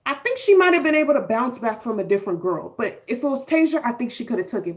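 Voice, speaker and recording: A woman streamer talks straight to her viewers in loose, slangy reaction chat. She sounds animated throughout. Her voice sits a little on the high side. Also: fast talker, hardly any pauses. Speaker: live stream host. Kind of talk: casual live reaction commentary.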